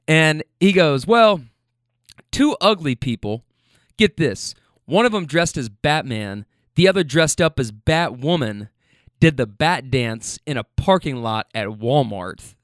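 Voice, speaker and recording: A young man with a somewhat high voice spins a rambling, casual tale about a rideshare passenger, voicing each character himself. He takes his time, stays animated, and laughs now and then. The recording is close and dry, with no echo or room sound.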